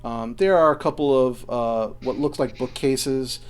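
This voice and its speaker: A man running a tabletop game as game master, narrating in a halting way with many fillers. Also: mid-range voice, clear, resonant tone.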